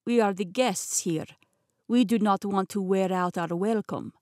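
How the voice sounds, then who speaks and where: Woman voicing Rasputin, thick Russian accent. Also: mid-range voice, a little mellow, no echo, studio quality, close to an everyday voice. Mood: placating. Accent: Russian (put on). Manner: smooth, coaxing, unhurried. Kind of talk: audiobook character voice.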